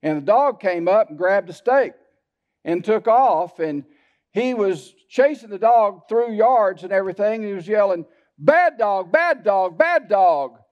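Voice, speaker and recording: A man's voice: sits high, measured pace. A male pastor preaching a sermon, telling personal stories in a folksy way and turning often to the congregation. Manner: folksy storytelling with asides to the congregation. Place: church sanctuary. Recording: dull lo-fi church sermon recording.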